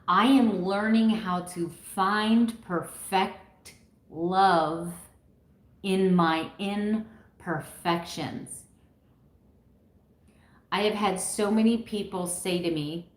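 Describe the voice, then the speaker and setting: A woman in her fifties speaks straight to her viewers in an open, heartfelt vlog. Her voice sits at an ordinary middle pitch, and she talks with animated swings, sometimes mimicking other people. The room gives her voice a noticeable echo. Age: 50s. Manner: animated, quotes others in varied put-on voices. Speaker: keto vlogger. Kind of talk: heartfelt personal vlog monologue.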